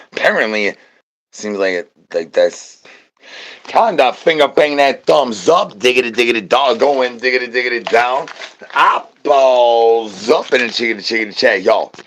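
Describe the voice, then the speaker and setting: A man riffs to his stream chat in a goofy, rambling voice full of rhyming nonsense and singsong repeats. He lurches from low, murmured asides to sudden loud shouts, never settling into one pitch. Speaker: livestream host. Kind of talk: rambling comedic stream chatter.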